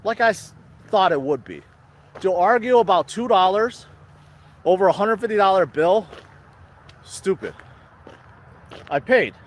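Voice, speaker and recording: A man's voice: high-pitched, expressive, a little slow, pauses often. A man telling a story about a restaurant bill in an indignant, casual rant. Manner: indignant, retells his own side of an argument. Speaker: storyteller in a played clip.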